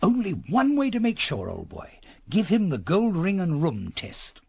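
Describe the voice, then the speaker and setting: Gravelly old toff, plummy, husky, swooping. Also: male voice, high-pitched, huge pitch swings, a little slow, darkish tone, heavily acted. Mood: conspiratorial. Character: conspiratorial older male official, George. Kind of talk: radio comedy acting.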